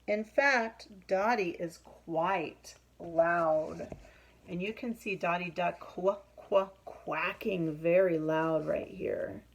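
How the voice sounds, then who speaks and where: A woman reading a picture book aloud to children, explaining pictures and asking questions, with a husky voice. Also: on the low side, rough recording.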